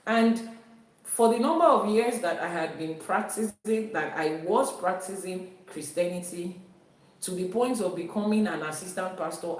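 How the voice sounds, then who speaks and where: A woman's voice: medium pitch, darkish tone. A woman teaching about Ifa spirituality in an emphatic way, repeating her key phrases. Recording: very echoey room, voice from a distance.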